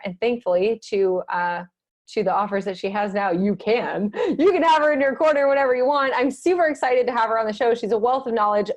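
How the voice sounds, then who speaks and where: A woman hosting a podcast interview, enthusiastic and casual, swearing freely. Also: mid-range voice. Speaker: podcast host.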